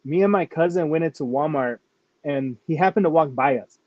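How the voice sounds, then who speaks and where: A man's voice: on the high side, fairly quick, no echo, muffled recording. A man, a rapper from New Mexico, telling stories in a casual interview, filling nearly every phrase with "like". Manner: rambling, fills with "like" constantly.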